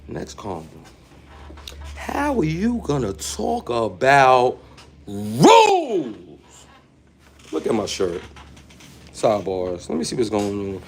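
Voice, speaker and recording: Taking it slowly with long pauses and huge pitch swings, a man with a mid-range, slightly rough voice vlogs from his workplace on a handheld phone. He wanders around talking streetwise slang in casual commentary, skipping between topics.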